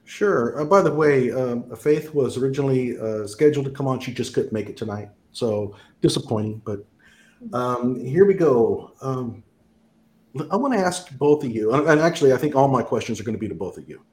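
A man's voice: mid-range voice, expressive, fairly quick, a little mellow. A man co-hosting a podcast, asking interview questions in a hesitant way with many fillers. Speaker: podcast co-host.

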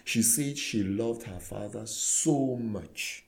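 A man, a clergyman guest, telling a story in conversation with earnest, animated retelling that acts out dialogue. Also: fairly low pitch, takes it slowly, vocal fry. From Nigeria.

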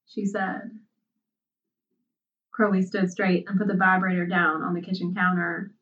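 A woman narrating a story aloud in an unhurried, soft-spoken way. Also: lowish voice, completely flat delivery. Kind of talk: storybook reading. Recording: dull, distant sound.

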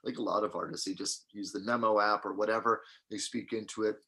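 Male co-host, low and husky, casual talker, reads posts aloud. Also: fairly even intonation, fast talker. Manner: reads forum posts aloud, thinks out loud. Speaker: podcast co-host. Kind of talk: casual chat.

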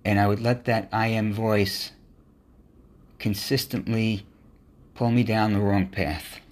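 A man's voice: fairly low pitch, steady tone, slow. A man hosting a motivational podcast, speaking in an earnest, encouraging monologue. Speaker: podcast host.

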